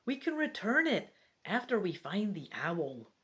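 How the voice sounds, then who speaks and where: A woman's voice: medium pitch, sing-song, a little slow, fairly bright tone. A woman reading the lines of an earnest young adventurer in a gamebook. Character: young adventurer on a river quest.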